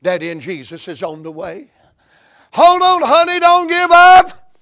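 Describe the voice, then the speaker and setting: A man's voice: on the high side, moderate pace, no echo, clean studio sound, pitched below the performer's own voice, close to an everyday voice. A man with a Southern US accent voicing a desperate father who pleads urgently for his dying daughter.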